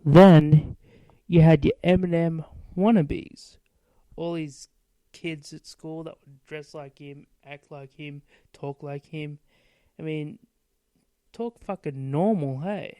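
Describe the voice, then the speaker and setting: A man's voice: on the high side, takes it slowly, clean tone, no room sound, muffled recording. A man in his late twenties hosting a podcast, rambling through stories in a casual monologue full of swearing. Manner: profane, rambling storytelling. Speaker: podcast host.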